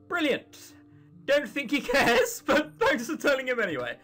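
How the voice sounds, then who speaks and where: A woman commenting casually on a game she is playing, sarcastic and quick to swear and laugh. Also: sits high, wildly swooping pitch, a bit bright, soft background music. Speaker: let's-play host.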